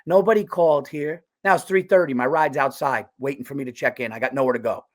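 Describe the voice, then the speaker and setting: A man co-hosting a podcast, telling a story in an animated, exasperated rant with fast bursts. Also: mid-range voice. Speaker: podcast co-host. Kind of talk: ranting storytelling.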